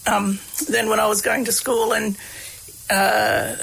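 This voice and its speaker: A woman's voice: on the high side, flat delivery, slow, vocal fry, a bit bright, husky, rough recording. A woman, telling her story as an interview guest in a casual way, often laughing, with many fillers. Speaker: interview guest, comedy researcher.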